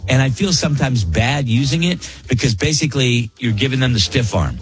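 A man's voice: mid-range voice, a little fast, soft background music. A man hosting a radio show, chatting casually and joking as he reads listener emails. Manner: animated, joking, laughs often. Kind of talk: casual on-air banter reading listener emails.

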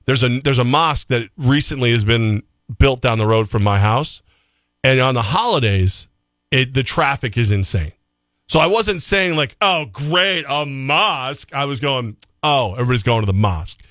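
A man's voice: medium pitch, moderate pace, no echo, studio quality. A middle-aged man co-hosting a sports talk show, rambling casually with lots of restarts. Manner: rambling, animated, restarts often.

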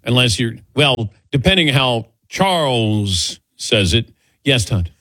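A man's voice: medium pitch, takes it slowly, dry recording, studio quality. A man hosting a call-in sports talk radio show, bantering with his crew and taking callers. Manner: lively, bantering, takes calls.

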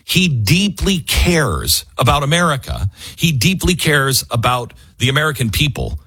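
A man's voice: mid-range voice, big pitch swings, slightly rough, no room sound. A male radio talk show host giving emphatic, argumentative political commentary. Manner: emphatic, argumentative, shifts quickly between loud and hushed.

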